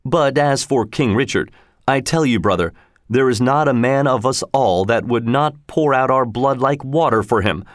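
A man's voice: moderate pace, no room sound, close to an everyday voice. A bold, proud outlaw leader from a storybook, put on by a man reading aloud. He talks in a jaunty, teasing manner with a lifted voice. The sound is close and dry, with no room around it. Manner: jaunty, mocking, raised pitch.

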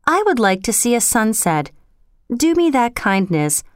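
A woman doing a gentle, high young prince. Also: sing-song, measured pace, no room sound, clean studio sound. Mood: polite. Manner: soft and polite.

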